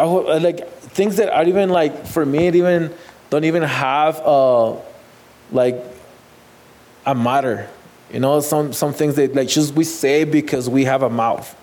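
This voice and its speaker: A man's voice: mid-range voice, a little mellow. Man telling his testimony. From Mexico. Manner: halting, repeats words, non-native phrasing. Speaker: guest sharing testimony. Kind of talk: personal testimony.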